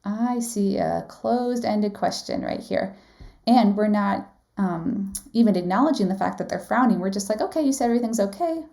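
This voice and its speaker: A woman's voice: mid-range voice, fairly even intonation, moderate pace, vocal fry, dark tone. A woman leading a live online class as a nursing exam instructor, talking conversationally, often asking the audience questions and saying "right?". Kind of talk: live webinar teaching.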